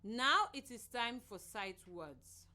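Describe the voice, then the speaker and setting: A woman from Sierra Leone teaching a children's reading lesson on the radio in a slow, clear, sing-song voice. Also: on the high side, animated, sharp tone.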